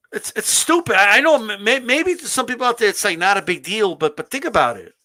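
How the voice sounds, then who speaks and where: A man hosting a live stream, giving an animated, casual rant full of restarts and the odd swear. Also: high voice, moderate pace. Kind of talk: casual ranting commentary.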